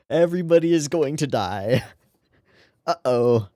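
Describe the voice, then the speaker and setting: A laid-back man reacts in casual commentary, dropping short murmured interjections and wry asides. He talks at a very drawn-out, unhurried pace. His pitch swings up and down a lot, and the sound is dry and close. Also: expressive, dark tone, no room sound. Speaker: anime reaction channel host.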